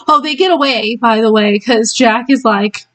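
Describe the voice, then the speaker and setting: A woman's voice: on the high side, unhurried, a bit bright, poor audio. A woman giving a casual spoiler book review, retelling the story in a rambling way with many ums and small laughs.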